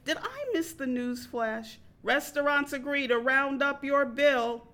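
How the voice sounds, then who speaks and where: A woman reading a personal story aloud in a wry, deadpan manner. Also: sits high, a little slow.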